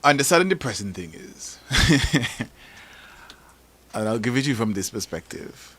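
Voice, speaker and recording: A man from Antigua with an Antiguan accent, telling stories on a talk show in an animated, emphatic way. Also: mid-range voice, moderate pace. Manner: animated storytelling, rising to emphatic peaks. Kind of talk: casual talk show discussion.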